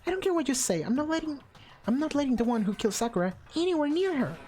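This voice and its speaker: A woman voicing a hot-tempered athletic teenage girl in a video game, shouting accusations. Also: sits high, big pitch swings, fast, voice pushed up. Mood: furious.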